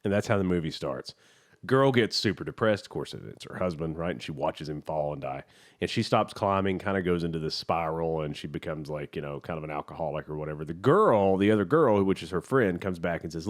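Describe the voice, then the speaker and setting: A man's voice: low voice, brisk. A man co-hosting a podcast, retelling a movie in rambling casual chat with many restarts. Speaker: podcast co-host.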